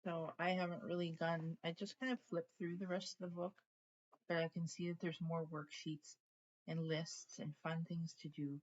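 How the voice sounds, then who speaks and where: A woman's voice: sits low, level tone, normal speed, dull audio. A woman in her forties talking casually and rambling from topic to topic in a home vlog. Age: 40s. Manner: chatty, rambling, easily sidetracked. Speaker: book vlogger. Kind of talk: casual chat.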